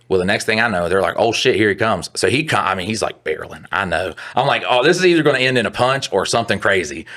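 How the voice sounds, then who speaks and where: A man's voice: lowish voice, fairly bright tone. A young adult man co-hosting a podcast, rambling through a profane work story in casual chat. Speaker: podcast co-host.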